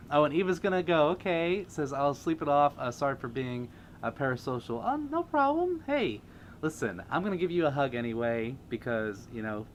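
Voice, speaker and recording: A man's voice: mid-range voice, moderate pace, a little hiss or hum. A man hosting a casual livestream, reading viewer comments aloud and laughing often. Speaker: livestream host.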